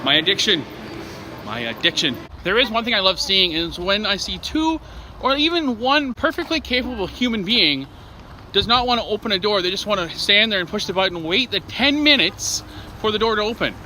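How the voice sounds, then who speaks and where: A man's voice: sits high, lively intonation, fairly quick, pushed and bright, a little hiss or hum. A young man vlogging casually while out and about, joking and rambling in a chatty way. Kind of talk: casual vlog chat.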